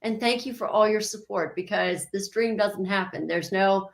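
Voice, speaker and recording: A woman's voice: mid-range voice, normal speed, gravelly, poor audio. Bubbly talkative woman. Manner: bubbly, talkative, acts out stories in voices. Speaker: country singer, interview guest. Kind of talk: casual chat.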